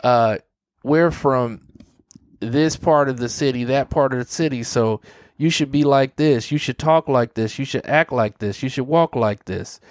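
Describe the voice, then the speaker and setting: A man's voice: mid-range voice, no room sound, studio quality. A man from Dayton hosting a motivational monologue, earnest and conversational, acting out the people he quotes. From Dayton, Ohio, USA. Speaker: host.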